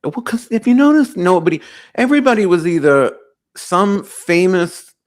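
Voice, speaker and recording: A man's voice: sits high, sing-song, moderate pace. A man hosting a live call-in podcast, talking in a brash, joking, rambling way. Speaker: podcast host.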